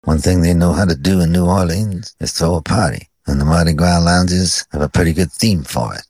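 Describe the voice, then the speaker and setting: A man's voice: sits low, brisk, darkish tone, breathy edge. A man hosting a radio music show, introducing records with dry, wry narration. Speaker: radio host.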